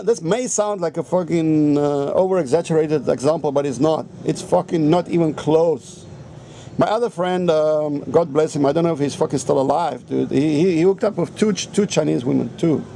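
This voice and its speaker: Male vlogger, raised pitch with a gravelly edge, rambling profane storyteller. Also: dark tone, a little hiss or hum. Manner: rambling, profane, heavy swearing. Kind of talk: casual storytelling rant.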